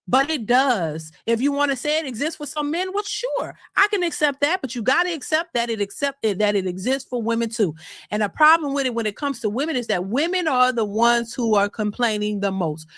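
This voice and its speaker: A woman's voice: high-pitched, fairly bright tone, no room sound, studio quality. A woman hosting a reaction channel, talking to her viewers in a sassy, emphatic, slang-filled way. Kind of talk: casual commentary to viewers.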